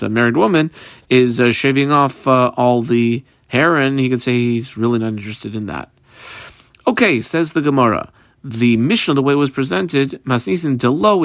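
A man teaching a Talmud page in a steady middle-pitched voice. He reads each phrase, then translates and explains it with frequent ums and uhs. The sound is close and dry. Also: no room sound. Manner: explains Aramaic text phrase by phrase with many fillers. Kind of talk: daf yomi lesson.

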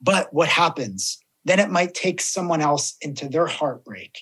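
Man, husky voice, animated storyteller, casual podcast guest. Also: a little high, a little slow. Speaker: death doula guest.

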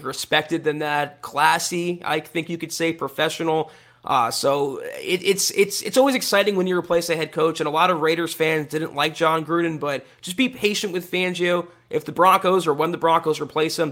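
A man with a fairly high voice co-hosts a sports podcast. He talks casually but states his opinions firmly and with emphasis. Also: fairly bright tone. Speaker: podcast co-host.

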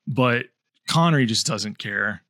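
Animated man talking movies. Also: mid-range voice, a little slow, dry recording, clean studio sound. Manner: animated, many restarts and "like" fillers. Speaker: film podcast co-host. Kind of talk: casual film discussion.

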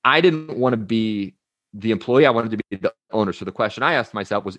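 A man's voice: fairly low pitch, brisk, no room sound. A young man, a coach, talking casually as an interview guest, telling stories and acting out quotes with energy. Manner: energetic storyteller, uses anecdotes and acted-out quotes.

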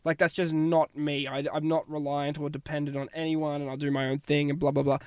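A man's voice: on the high side, little pitch movement, brisk, no room sound, clean studio sound. A young Australian man chatting casually as a guest, easygoing and rambling, often trailing off into a mumble. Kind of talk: casual chat.

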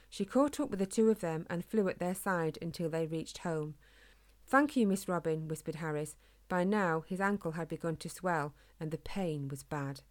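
A woman reading a children's storybook aloud in a calm, gentle, steady way. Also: lowish voice. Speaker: narrator.

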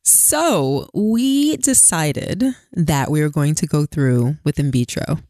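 Woman, very low voice, teasing, plain explainer, podcast co-host, dry room. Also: lively intonation, takes it slowly, dark tone, no echo. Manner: teasing, matter-of-fact explaining. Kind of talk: casual chat.

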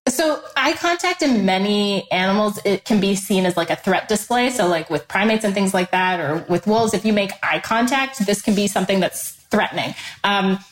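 A woman researcher talking eagerly about dog studies on a video call, full of fillers and quick restarts. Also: mid-range voice. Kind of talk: enthusiastic explanatory interview talk. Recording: echoey room with faint noise.

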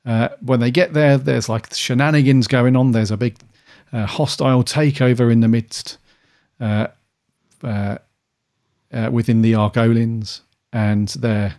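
Man, late 30s, podcast host, relaxed rambling delivery, mid-pitch. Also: a little slow. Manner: chatty, meandering. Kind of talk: casual podcast chat.

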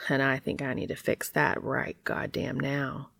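A confident, playful man, as a woman reader voices him, talking low and hushed in a storybook reading. The voice is deep with a gravelly edge, recorded dry and close. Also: completely flat delivery, a little slow, no room sound, full character voice.

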